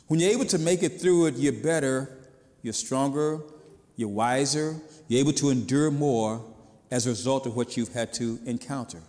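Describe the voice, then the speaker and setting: A man's voice: mid-range voice, normal speed, a little mellow, long reverb tail. A man preaching a sermon in a conversational way, sometimes acting out the voices of people he quotes. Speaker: pastor.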